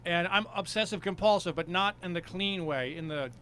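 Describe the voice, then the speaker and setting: A man from Detroit, a stand-up comedian, telling stories in a dry, deadpan way in casual podcast chat. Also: sits high, normal speed, a little hiss or hum.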